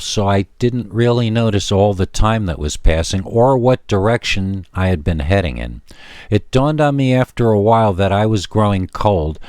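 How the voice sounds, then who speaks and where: A man reading a first-person spooky story aloud as narrator, steady storytelling. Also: lowish voice, no room sound, clean studio sound.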